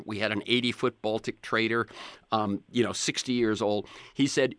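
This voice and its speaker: An older man in his seventies hosts a conversational interview, his voice bright and forward. He rambles through personal stories, doubling back and restarting his sentences often. The sound is close and dry, with no room around it. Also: lowish voice, fairly quick, dry recording. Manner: rambling storyteller, frequent restarts. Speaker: podcast host.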